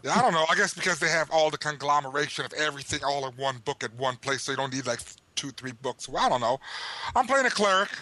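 A man's voice: fairly high pitch, animated, fast talker, bright, forceful tone. A man co-hosting a gaming podcast in casual chat, jokey and exclamatory. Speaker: podcast co-host.

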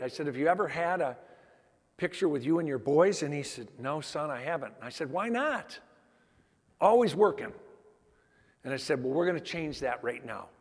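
A man on stage at a conference, telling heartfelt stories in an emphatic storytelling style and acting out the quoted dialogue. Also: fairly high pitch. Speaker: conference speaker. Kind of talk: storytelling keynote talk. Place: large conference hall. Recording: long hall reverb.

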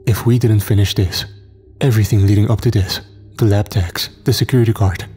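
Brief: male horror narrator, low mellow voice, steady and grim, faint music underneath. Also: brisk, husky. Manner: steady, grim first-person storytelling.

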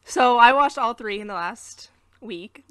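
Chatty American woman with a bright voice. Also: a little high, animated, unhurried, clear, resonant tone, no echo, studio quality. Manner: chatty, laughs at her own slips, recaps plot. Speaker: podcast co-host. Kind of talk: casual movie review chat.

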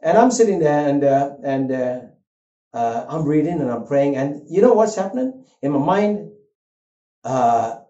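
An older man preaching a sermon, an earnest and animated storyteller who weaves a personal story into his message. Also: a little high, measured pace. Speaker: pastor. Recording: roomy, dull lo-fi sound.

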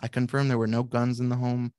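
A psychiatrist reading aloud from his own book in a measured way, with brief asides to the audience. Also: mid-range voice, flat delivery, a little mellow, smooth, dry recording, studio quality. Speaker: author and psychiatrist.

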